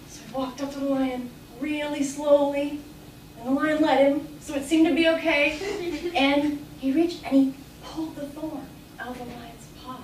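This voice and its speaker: A woman telling a story live at a festival in an unhurried, gentle way. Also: high-pitched, steady tone, a little hiss or hum. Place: festival stage. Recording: roomy live hall, distant mic.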